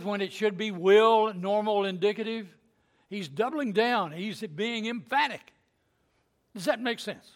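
Male preacher with a high voice, folksy and joking, delivering a Sunday sermon. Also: animated, a little slow, slight background noise. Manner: folksy, joking asides with chuckles.

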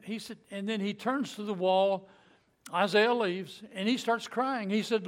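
A high-pitched man, speaking a little slowly, teaches a Bible story in a folksy, conversational way. He animates it by performing the quotes and chuckling now and then.

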